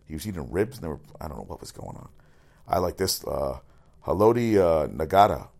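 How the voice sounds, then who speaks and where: A man running through sports news as a radio host, rambling, excitable and swearing often. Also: rumbling low, creaky, slightly rough. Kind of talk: casual sports news rundown.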